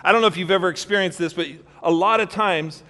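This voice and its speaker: Male pastor, sermon; conversational preacher with a slightly high voice who acts out the voices in his stories. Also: fast, pushed and bright. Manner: storytelling, acts out quoted voices with big shifts in pitch and volume; direct, conversational preaching with rhetorical questions.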